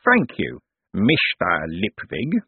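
A man voicing a sly old male con man who poses as a preacher, talking solemnly and in a drawn-out, wheedling way. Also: mid-range voice, sing-song, slightly rough, dry recording, pitched above the performer's own voice. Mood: sardonic. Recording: tinny lo-fi audiobook recording.

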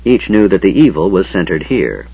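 Husky-voiced man narrating an audiobook. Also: low voice, moderate pace. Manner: expressive, dramatic storytelling. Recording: dull lo-fi audiobook recording.

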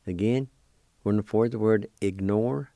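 Clean studio sound with no echo carries this man's lowish, mellow voice. Teaching a language over the radio, he spells each word out letter by letter and says it again slowly, staying patient and encouraging.

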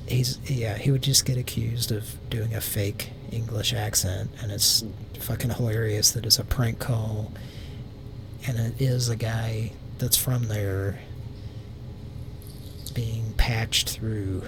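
A Southern US man chats in a rambling way on a live prank call show, full of fillers and casual swearing. His pitch stays flat and level. A steady rumble of noise sits under the recording. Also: slow pace, vocal fry. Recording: noisy background rumble.

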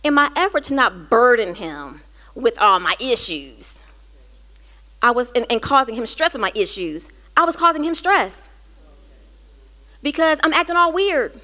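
High-voiced earnest woman sharing a story. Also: a little slow, pauses often. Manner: earnest, conversational, rising to animated quoted dialogue. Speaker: host. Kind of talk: candid personal storytelling.

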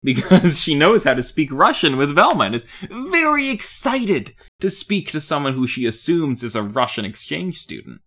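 A man's voice: on the high side, moderate pace, hardly any pauses. A man co-hosting a casual podcast about a film, talking in a wry, joking way. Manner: lively, wry, deadpan jokes. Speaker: podcast co-host.

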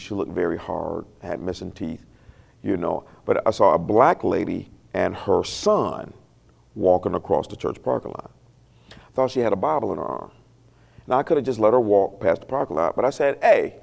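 A man's voice: deep voice, creaky, darkish tone. A man preaching a sermon, telling a personal story in a conversational, emotional way and asking the congregation questions. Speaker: pastor.

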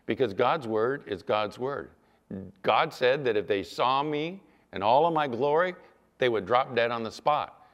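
A male pastor preaching a sermon, animated, sometimes mimicking whiny apologies in a raised voice. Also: medium pitch, a little slow. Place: church sanctuary. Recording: long church reverb.

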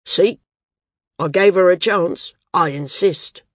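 A stern island landsman, stubborn and quick to anger, pressing his claim loudly in a storybook reading, as a woman acts him. The voice sits low and a touch husky, with no room around it. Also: dry recording, clean studio sound. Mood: insistent. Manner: insistent, raised voice.

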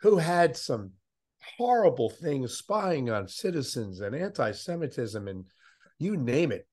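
A man who grew up in Miami Beach, a veteran sports interviewer telling animated anecdotes in a casual talk. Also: medium pitch, measured pace. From Miami Beach, USA. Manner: animated anecdotes with quoted voices. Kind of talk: casual podcast storytelling.

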